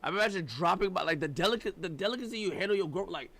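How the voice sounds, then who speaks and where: A man's voice: sits high, lively intonation, rapid-fire, fairly bright tone. A man hosting a casual reaction chat, incredulous and slangy, often laughing in disbelief. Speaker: podcast host reacting to clips.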